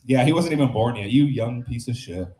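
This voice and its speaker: A man's voice: medium pitch, fairly quick, reverberant, rough recording. A man in his late thirties hosting an open mic in a small bar, trading profane, teasing banter with the crowd. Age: 30s. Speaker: comedy show host. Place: small comedy bar stage.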